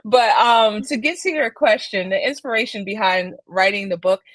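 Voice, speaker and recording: A woman's voice: mid-range voice, normal speed, a bit bright, no echo. A woman author being interviewed in a casual video chat, chatty and laughing often, talking from home. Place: home, child nearby.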